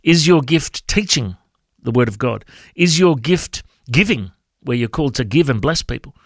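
A male radio host giving an earnest devotional talk and pressing the listener with questions. His mid-pitched voice has a gravelly fry to it. The recording is close and dry. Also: expressive, normal speed, dry recording.

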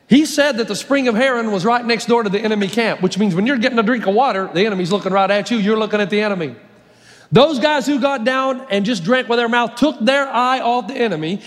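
A man delivers a sermon with a notably high voice, animated and storytelling. He acts out lines as he goes. A long reverb trails every phrase from the big church hall. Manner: animated storytelling, acting out quotes. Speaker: pastor.

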